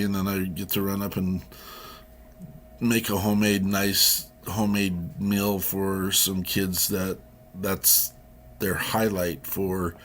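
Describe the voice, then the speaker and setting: A man co-hosting a casual chat show, telling a long story with many restarts. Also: on the low side. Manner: rambling, warm storytelling with restarts. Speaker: co-host.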